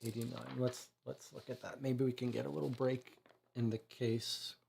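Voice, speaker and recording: Gravelly man musing over clues. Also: mid-range voice, little pitch movement, normal speed, a little mellow, slight background noise. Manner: musing, hesitant, questioning. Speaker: streamer playing a detective board game. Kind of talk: thinking aloud and reading case text.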